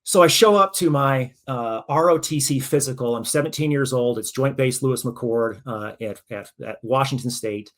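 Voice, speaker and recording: A man's voice: mid-range voice, moderate pace, few pauses. A man in his forties, a veteran and author, telling stories in a casual interview and acting out the people he met. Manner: animated anecdotal storytelling, acting out quoted dialogue. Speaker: guest, author and military veteran.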